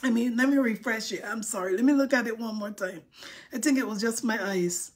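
A woman hosts a casual livestream, chatting and reading viewer comments dramatically, even mock-crying over likes. She uses informal dialect grammar, and her voice sits on the high side, brisk with a breathy edge.

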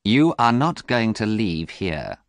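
A man's voice: lowish voice, big pitch swings, slow pace, no echo, clean studio sound, voice pushed up, exaggerated voice. A man voicing a desperate young man who urgently commands and threatens. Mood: threatening. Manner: urgent, insistent pleading.

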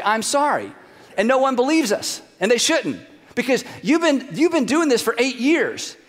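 A male pastor giving a sermon in a church, animated and conversational, dropping to hushed emphasis on key points. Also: high-pitched, big-room sound. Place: church sanctuary.

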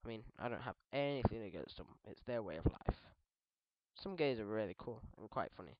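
A man's voice: lowish voice, expressive, a little fast, no echo. A British teenage boy rambling through casual, jokey let's-play commentary, often correcting himself mid-sentence. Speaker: gaming video host. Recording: dull dry lo-fi mic.

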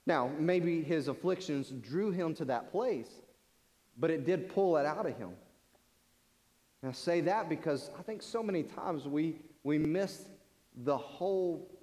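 A man's voice: on the high side, dark tone. A man preaching a sermon in earnest, often repeating words as he presses a point. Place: large church sanctuary. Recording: long church-hall reverb.

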